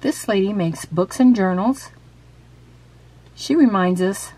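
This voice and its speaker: Woman craft vlogger, chatty and halting, reading out a quiz. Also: mid-range voice, mellow. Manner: chatty, with frequent fillers and restarts; reads quiz questions aloud. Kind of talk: casual show-and-tell and quiz.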